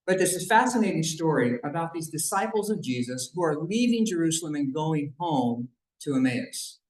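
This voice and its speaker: A man's voice: fairly high pitch, animated, moderate pace, a little mellow. A man giving a conversational talk at a banquet, retelling a Bible story with joking asides to the audience. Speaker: banquet speaker. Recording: echoey room.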